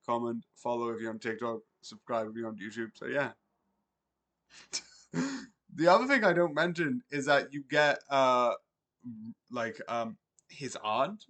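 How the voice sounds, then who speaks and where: A man's voice: medium pitch, a bit bright. A man from Britain, streaming a casual, rambling anime review full of fillers and self-corrections.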